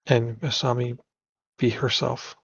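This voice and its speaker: A man's voice: medium pitch, little pitch movement, measured pace, gravelly. A man playing in a tabletop game, casual and offhand. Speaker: player. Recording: dull lo-fi line with faint noise.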